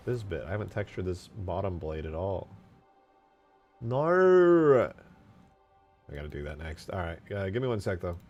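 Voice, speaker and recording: Young male streamer, very low voice, laid-back, jokey, thinks aloud to chat. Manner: jokey, talks to himself and chat while working. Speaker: streamer modding a video game. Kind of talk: casual live-stream commentary.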